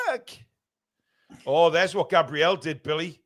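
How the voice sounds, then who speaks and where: A man commentating live on a match for fans, excitable, shouting when play heats up and swearing in jokey banter. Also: high-pitched, unhurried. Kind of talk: fan watchalong commentary.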